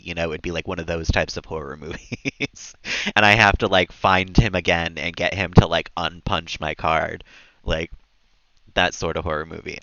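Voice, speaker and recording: A man's voice: deep voice, bright, forceful tone, no room sound, dull audio. A man live-streaming a game, rambling and chatty, often laughing at his own jokes. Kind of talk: casual gameplay commentary.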